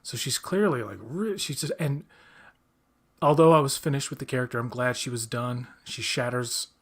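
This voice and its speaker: A man in mid-range pitch hosts a relaxed chat, talking like an excited fan. He circles back on himself with false starts and fillers, and his sentences run on. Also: normal speed, husky. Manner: rambling with many restarts and fillers; enthusiastic fan. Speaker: podcast host. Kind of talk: casual chat.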